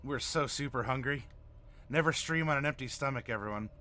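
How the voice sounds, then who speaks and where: Here a stream host doubling as game master chats in a relaxed way and reads out messages from viewers. He speaks briskly in a mid-range voice that sounds pushed and bright.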